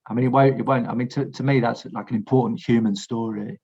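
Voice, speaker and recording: Husky low-voiced man, frank podcast guest, dull lo-fi recording. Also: fairly even intonation, fast, warm tone. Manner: frank, blunt, swears, restarts sentences. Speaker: war veteran guest. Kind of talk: casual podcast conversation.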